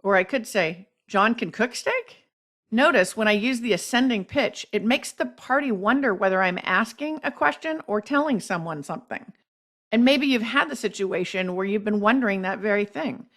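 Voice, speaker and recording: A woman podcast host reading a scripted explanation of speech tips in a measured, instructive way. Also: medium pitch, expressive, fairly bright tone.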